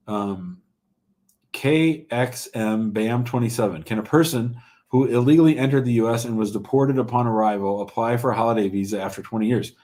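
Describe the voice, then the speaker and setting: A man's voice: medium pitch, darkish tone. A man hosting a live call-in show, giving blunt, plain-spoken immigration advice to callers and viewers.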